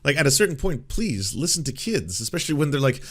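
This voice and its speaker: A man's voice: on the high side, very animated, fast, fairly bright tone. A man hosting political reaction commentary, talking casually and sarcastically, swearing and doing mocking impressions.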